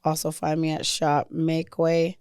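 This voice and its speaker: A woman co-hosting a podcast in casual chat, hoarse from losing her voice, relaxed and hedging with fillers. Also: low voice, moderate pace, heavy background noise. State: hoarse, has lost her voice. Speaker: podcast co-host.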